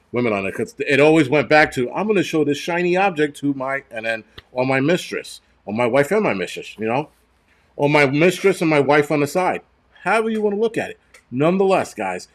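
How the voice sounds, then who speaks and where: Guy ranting on his stream, swears a lot, blunt, keeps restarting his sentences, mid-pitched voice. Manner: blunt, profane, rambling with restarts. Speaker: host. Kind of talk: casual livestream rant.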